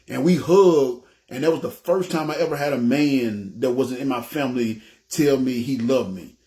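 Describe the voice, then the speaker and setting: Fast-talking Southern man telling his testimony. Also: medium pitch. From Memphis, US South. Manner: animated, acts out dialogue, keeps saying "you know what I'm saying". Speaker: ministry leader giving testimony. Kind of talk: personal testimony storytelling.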